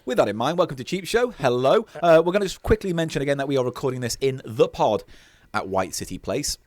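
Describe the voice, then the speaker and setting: A man's voice: mid-range voice, lively intonation, fast talker, darkish tone, no room sound. A man co-hosting a comedy podcast, teasing his partner in a grumpy, sweary way. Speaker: podcast co-host. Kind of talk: casual comedy podcast banter. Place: small recording pod.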